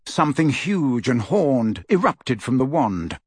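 A man narrating an audiobook in a measured storytelling manner. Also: mid-range voice, sing-song, husky, no echo, studio quality. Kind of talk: scripted narration.

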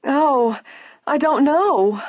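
A woman's voice: lowish voice, brisk, husky, dry recording, voice pushed up. Anxious young store clerk, polite and worried, read by a woman, dry and slightly muffled. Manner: worried, eager to please.

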